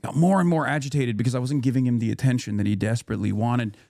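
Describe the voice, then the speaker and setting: A man's voice: mid-range voice, steady tone, rapid-fire, darkish tone, no echo, studio quality. A man streaming casual commentary, swearing freely and rambling in an indignant tone.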